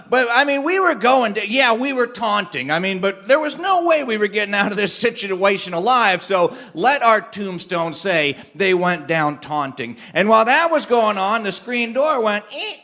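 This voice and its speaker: A male storyteller telling a funny tall tale to a live audience, animated with comic timing and laughing along. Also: high voice. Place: live stage performance.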